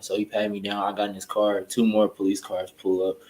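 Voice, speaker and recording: Flat-voiced young man in an echoey room. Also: lowish voice, brisk. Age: young adult. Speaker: college student panelist. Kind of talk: casual storytelling.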